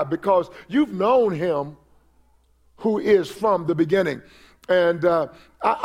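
Older man, pastor, church sermon, high-pitched, gravelly, repeats and restarts phrases, emphatic. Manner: repeats and restarts words, building to emphatic exhortation. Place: church service.

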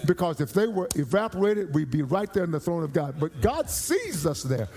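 A male pastor preaching a sermon, emphatic and repetitive, rising in pitch as he grows fervent. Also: sing-song, moderate pace, darkish tone. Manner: emphatic, repeats phrases, rises in pitch when fervent. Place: church.

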